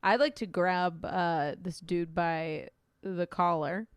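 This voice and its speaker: Woman, tabletop player, playful, lower pitch, dry recording. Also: slow pace, clean tone, dry recording. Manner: playful, asks questions about the rules. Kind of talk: tabletop game play.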